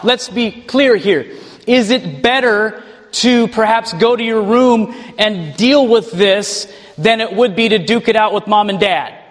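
Male preacher, high voice, animated sermon delivery, reverberant hall. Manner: animated, mocking put-on voices for examples.

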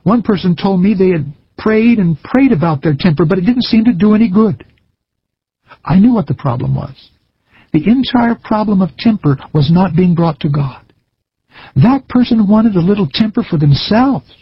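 Husky-voiced preacher, earnest and measured. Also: male voice, high voice, lively intonation, no echo, highs cut off. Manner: earnest, measured, folksy storytelling. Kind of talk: recorded sermon.

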